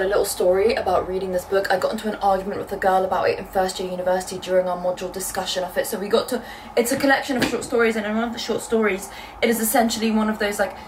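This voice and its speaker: A young woman from Britain chatting casually in a book vlog from her bedroom, telling stories in a lively, animated way. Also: medium pitch, recorded from a distance, a little hiss or hum, poor audio. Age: young adult. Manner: chatty, quick and animated storytelling. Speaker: book vlogger. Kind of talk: casual chat.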